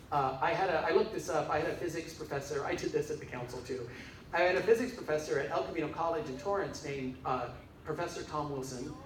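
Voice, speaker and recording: A man's voice: on the high side, fairly bright tone. An older man, a minister giving a casual, rambling dharma talk with frequent chuckles. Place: church hall. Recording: echoey hall, mic far off, faint hiss.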